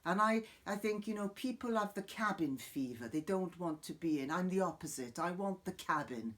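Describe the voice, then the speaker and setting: Here the comic host, a man in character as an eccentric middle-aged female guru, talks to camera at normal speed in a high, animated voice. It's an improvised, profane, wandering musing that jumps between loud outbursts and hushed asides.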